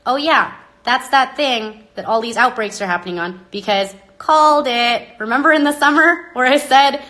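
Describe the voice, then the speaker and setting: A woman hosting a live stream into her phone, talking dramatically and with exasperation, swinging between loud outbursts and hushed asides. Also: sits high, moderate pace. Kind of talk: rambling live-stream monologue.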